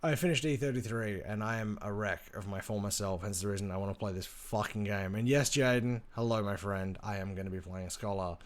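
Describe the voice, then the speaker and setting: A man's voice: on the low side, brisk, hardly any pauses. A man, chatting casually with his live-stream audience, swearing freely and greeting viewers by name, tired from little sleep. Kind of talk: casual gaming stream chat. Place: home room with a large bookshelf.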